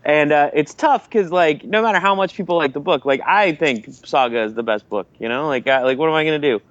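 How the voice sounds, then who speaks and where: A man guesting on a casual podcast, sick with a rough voice, joking and rambling. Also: on the high side, fairly quick, no room sound, dull audio. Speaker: podcast guest, comic writer.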